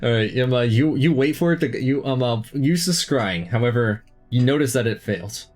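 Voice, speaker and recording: A man running a tabletop game as dungeon master, talking in a relaxed, rambling way with many fillers. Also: medium pitch, normal speed, faint music behind.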